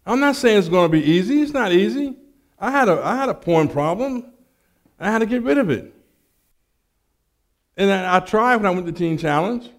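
A male preacher with a fairly high voice delivers a sermon built around a personal story. He is animated, acting out the dialogue as he tells it. He often stammers into a restart before pressing on. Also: moderate pace, long pauses. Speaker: preacher giving testimony.

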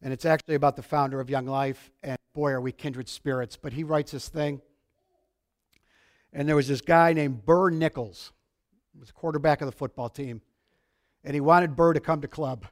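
Male preacher, high voice, excitable, loud-to-soft sermon delivery. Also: normal speed. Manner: excitable, shouts then drops to quiet. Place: church sanctuary.

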